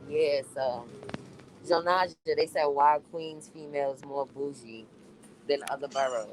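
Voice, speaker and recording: A woman's voice: low-pitched, fairly even intonation, unhurried. A woman from New chatting casually on a phone live stream, reading viewer comments, her voice muffled by a mask. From New York. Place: on a city bus. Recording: noisy phone recording on a moving bus.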